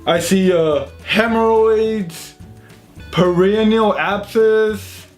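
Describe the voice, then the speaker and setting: High-voiced man telling a comic story. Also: very slow, soft background music. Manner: animated, self-mocking storytelling. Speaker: YouTube channel host. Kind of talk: casual comedic storytime.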